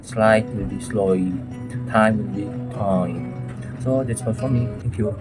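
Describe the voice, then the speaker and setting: A man's voice: on the low side, fairly even intonation, brisk, loud music behind the voice. A man student giving a plain, methodical class presentation.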